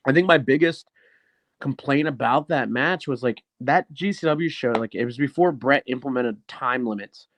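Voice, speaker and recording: A professional wrestler guesting on an interview show speaks in a mid-range male voice at a moderate pace, with slight background noise. He's animated and casual as he tells stories, acting out quoted dialogue and swearing often.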